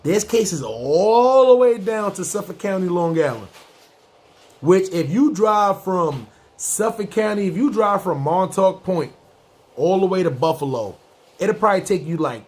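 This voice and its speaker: A man's voice: sits high, animated, a little slow, a little mellow, slightly rough. A man hosting a podcast, delivering a comedic, preachy street-talk rant full of profane slang and aimed straight at his listeners. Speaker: podcast host.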